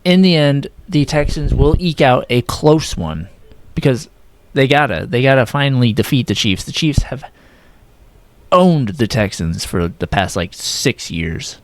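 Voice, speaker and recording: A young man casually running through his weekly football picks, correcting himself as he goes and sometimes talking in a flat, robotic way. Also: medium pitch, unhurried, dry recording. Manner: casual, self-correcting, slightly flat delivery. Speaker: sports predictions vlogger. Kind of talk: casual sports picks talk.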